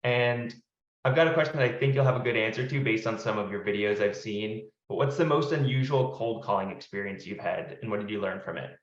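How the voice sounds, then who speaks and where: A man's voice: on the low side, brisk, echoey room, highs cut off. A man hosting a webinar as a product marketer, speaking in a friendly, conversational way. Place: home office.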